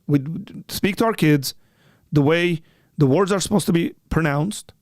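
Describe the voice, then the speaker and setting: A man hosting a live call-in show, arguing and answering chat questions with quick restarts and repeated words. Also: on the high side, dry recording, clean studio sound. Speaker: apologetics show host.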